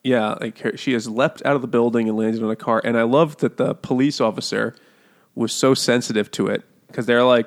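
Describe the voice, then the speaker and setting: A man's voice: mid-range voice, fairly even intonation, a little fast. A man co-hosting a book podcast, rambling through the plot with crude jokes, laughing often and putting on voices for the characters. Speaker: podcast co-host. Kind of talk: crude comedic book chat.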